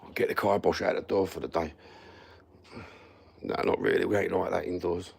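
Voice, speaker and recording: A man's voice: deep voice, level tone, normal speed, gravelly, breathy edge. A Cockney man ranting sarcastically and swearing constantly as he chats on a live stream. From London. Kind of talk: casual live-stream rant.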